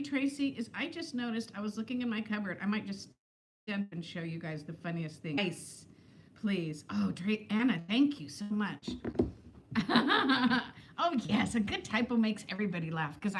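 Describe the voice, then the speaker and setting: A woman's voice: fairly high pitch, a little hiss or hum. A woman in her fifties chatting casually on a home live stream, laughing often as she answers viewer comments. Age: 50s. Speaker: vlog host reading live chat. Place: home, indoors.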